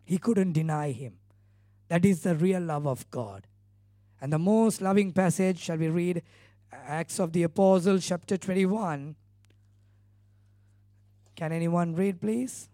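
Earnest preacher man with a high, mellow voice. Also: measured pace, long pauses, dry recording, studio quality. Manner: earnest, emphatic storytelling with repeated phrases. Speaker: pastor. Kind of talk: sermon.

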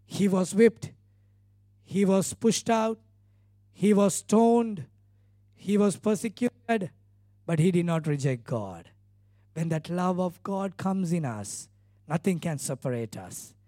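Earnest preacher man with a high, mellow voice. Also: expressive, takes it slowly, pauses often, no room sound, clean studio sound. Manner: earnest, emphatic storytelling with repeated phrases. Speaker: pastor. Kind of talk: sermon.

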